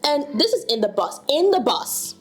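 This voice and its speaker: A woman from Africa hosting a podcast, telling a personal story in a lively, conversational way and acting out the people in it. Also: high-pitched, normal speed, soft background music. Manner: animated storyteller who acts out quoted voices. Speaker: podcast host. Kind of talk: casual storytelling chat.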